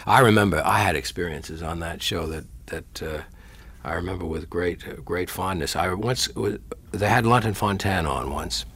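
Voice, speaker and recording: A man's voice: low-pitched, normal speed, a bit bright, slightly rough. An older man, a veteran radio actor, fondly reminiscing in an interview, rambling with restarts.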